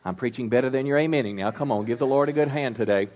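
A man's voice: medium pitch, fast, darkish tone, slight background noise. A middle-aged male pastor preaching a sermon, with a folksy, conversational delivery, asking the congregation to repeat words and joking with them. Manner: call-and-response preaching, folksy asides to the congregation.

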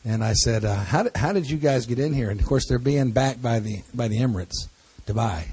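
A husky-voiced man stands before a congregation and talks as a pastor. His delivery is folksy and loose, full of jokes and stories. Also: medium pitch, animated, fairly quick, a little mellow. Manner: folksy, jokey storytelling with laughs. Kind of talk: church talk to a congregation.

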